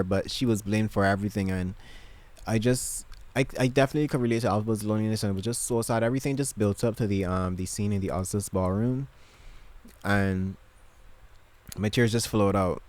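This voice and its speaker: A man's voice: on the low side, a little mellow. A man vlogging casually from his bedroom, gushing and emotional, rambling with lots of fillers and restarts. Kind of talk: casual chat to camera.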